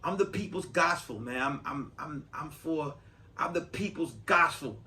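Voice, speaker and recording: A man's voice: a little high, moderate pace, pushed and bright, slight background noise. A man hosting a podcast as a comedian, giving profane, emphatic, rambling advice in a comic monologue.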